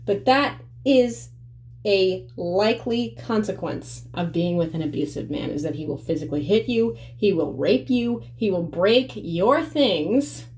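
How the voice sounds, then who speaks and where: A woman's voice: fairly low pitch, a little mellow. Blunt, profane young woman vlogging. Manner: blunt, profane, conversational, addressing viewers as y'all. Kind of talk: candid storytelling vlog.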